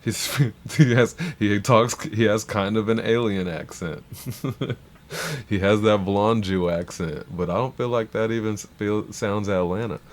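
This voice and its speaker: A man's voice: lowish voice, steady tone, measured pace. A man hosting a livestream, reacting to rap verses in loose, profane, rambling casual talk full of restarts.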